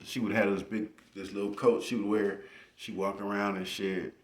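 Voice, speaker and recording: Deep-voiced man telling stories, swearing freely. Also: moderate pace. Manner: profane, laughing, animated retelling. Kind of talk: casual storytelling. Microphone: phone.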